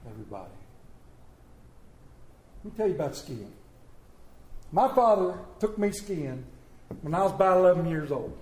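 Man preaching, high voice, slow emphatic reading, jokey back-and-forth with the congregation, echoey church hall. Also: a little mellow. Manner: slow emphatic scripture reading, then joking banter with the congregation. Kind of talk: sermon with scripture reading and audience questions. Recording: echoey room.

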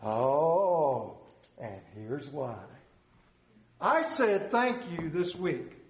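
Guy preaching a sermon, pretty high voice, swoops loud then soft, echoey room. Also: big pitch swings, slow. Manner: dramatic storytelling with big swings in pitch and volume.

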